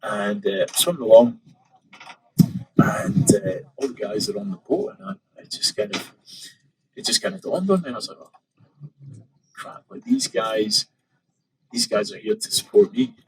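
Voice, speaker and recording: A man's voice: mid-range voice, big pitch swings, normal speed, creaky, long pauses, poor audio. A man, a podcast guest and open water swimmer, casually telling a story with many fillers and quoted thoughts.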